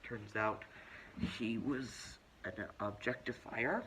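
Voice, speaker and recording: In a low-quality recording with a bit of hiss or hum, a man with a lowish voice speaks slowly, playing a self-righteous, preachy young woman. He tells her story as a comedic monologue, indignant and pompous, lecturing with a deadpan, self-important delivery.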